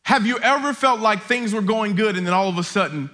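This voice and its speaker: A man preaching a sermon as a campus pastor on a lapel mic, emphatic, repeating his points and building to shouts. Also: high-pitched, a little fast. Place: church auditorium.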